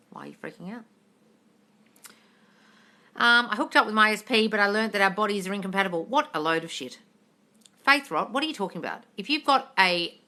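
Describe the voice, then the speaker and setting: A woman hosts a casual live-stream Q&A, reading viewers' questions and answering them bluntly. Her voice is bright and forward, and she swears without hesitation while calling her listeners darling. She sounds like she is talking into a phone at home. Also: lowish voice.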